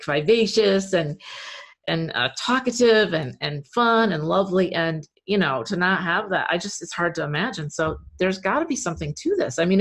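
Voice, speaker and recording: A woman hosting a podcast interview, talking earnestly and candidly about healing. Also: medium pitch. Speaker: podcast host. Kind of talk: conversational interview.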